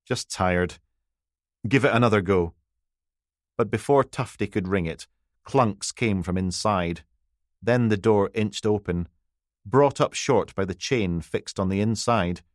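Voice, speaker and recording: A man's voice: fairly low pitch, a little slow, no room sound. A man narrating a crime novel audiobook with a dry, wry delivery on a close mic.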